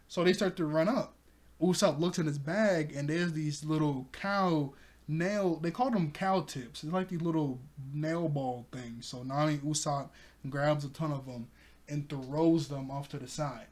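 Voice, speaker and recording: A man casually recapping a cartoon episode, chatty and quick to laugh. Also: fairly high pitch. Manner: giggly, chatty. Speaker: anime reviewer.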